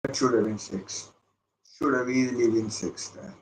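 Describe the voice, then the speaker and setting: A man commentating live as a fan while watching a football match, muttering asides and breaking into excited outbursts. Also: mid-range voice, normal speed, a little hiss or hum, poor audio.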